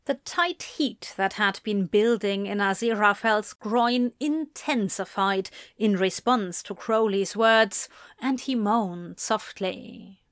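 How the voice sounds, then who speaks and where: A woman narrating a romance story in a slow, steady, intimate reading. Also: mid-range voice, smooth, no room sound, studio quality. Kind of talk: audiobook fan fiction reading.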